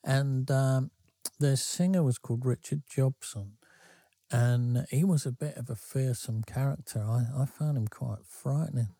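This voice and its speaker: Brief: male podcast co-host, mellow, loose self-interrupting storyteller. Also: mid-range voice, fairly even intonation, a little slow, dry recording. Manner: rambling, self-interrupting anecdotes. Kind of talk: casual storytelling.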